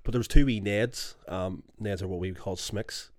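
Low-voiced Scottish man, casual banter. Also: normal speed, no room sound, clean studio sound. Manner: sweary, storytelling, banter. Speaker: podcast co-host. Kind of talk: casual chat.

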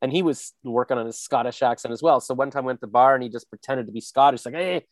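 A lively man chats casually and tells anecdotes, dropping into character voices along the way. His voice sits at a middle pitch. The recording is dry and close. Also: rapid-fire, dry recording. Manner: animated storyteller, slips into character voices. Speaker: voice actor. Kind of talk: casual chat.

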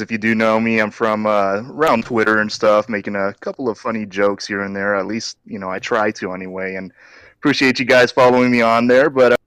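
A man with a deep, gravelly voice, chatting casually and easily as a guest on a live stream. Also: fairly bright tone, no room sound.

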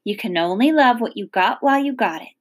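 Kind old woman with soft folksy speech, read by a woman, fairly high voice. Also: lively intonation, a little fast. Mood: tender. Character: kind old woman giving gentle advice.

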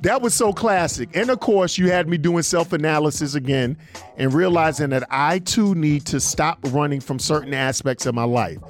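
A man hosting an internet radio show, reading listener messages aloud in a loose, slangy, animated way. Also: a little high, moderate pace, faint music behind. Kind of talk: casual radio show banter.

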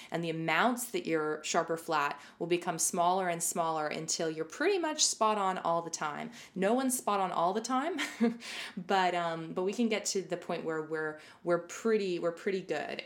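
A middle-aged woman giving a casual spoken lesson on violin technique, explaining in a conversational way with many fillers and restarts. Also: fairly low pitch. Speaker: violin teacher.

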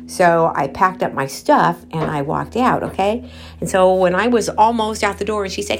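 A woman vlogger telling a personal story while out walking, candid and animated, quoting what people said and talking to her viewers directly. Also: mid-range voice, moderate pace, faint music behind. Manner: candid, animated retelling with quoted dialogue; addresses viewers directly as guys.

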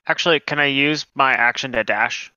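A man's voice: mid-range voice, normal speed, pushed and bright, dry recording. A man playing in an online tabletop game, easygoing and asking about rules. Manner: easygoing, asks rules questions. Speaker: player. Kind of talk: casual tabletop play. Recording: dull lo-fi online audio.

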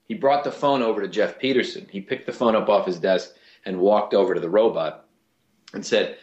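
A man, a voice actor and comedian, telling stories in a casual interview with lively restarts. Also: lowish voice, moderate pace, roomy sound, lo-fi sound. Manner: animated storyteller, lots of restarts.

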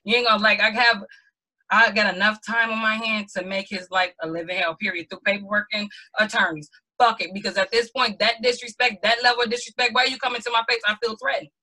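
Outspoken, emphatic speaker, bright voice. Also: mid-range voice, quick pace, rough recording. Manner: emphatic and outspoken, punctuating points with "period". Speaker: panel participant. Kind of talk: casual group discussion.

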